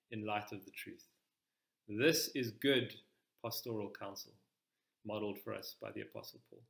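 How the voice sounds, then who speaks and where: A man preaching a sermon in church, explaining scripture in a measured, step-by-step teaching manner. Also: on the low side, fairly bright tone, echoey room.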